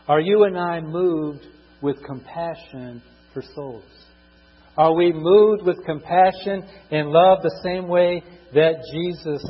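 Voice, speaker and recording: A middle-aged man preaching a sermon, husky, swinging between loud emphatic bursts and quiet asides, drawing out scripture verses slowly. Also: on the high side. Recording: dull lo-fi recording in a reverberant hall with mains hum.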